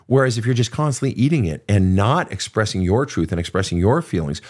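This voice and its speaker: Animated, profane older male advice host. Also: lowish voice, brisk. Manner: animated, profane, storytelling with acted quotes. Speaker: podcast host and therapist. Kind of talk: casual advice talk.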